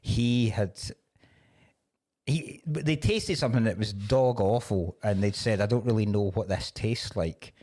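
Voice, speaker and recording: A man's voice: on the low side, a little slow. A man, a comedian co-hosting a podcast, telling sweary stories in casual chat. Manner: sweary, storytelling, animated.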